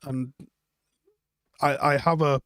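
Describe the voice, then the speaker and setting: A man's voice: mid-range voice, steady tone, takes it slowly, a bit bright, no echo, clean studio sound. A man hosting a live stream, chatting casually and bluntly while reading out viewer comments, swearing freely.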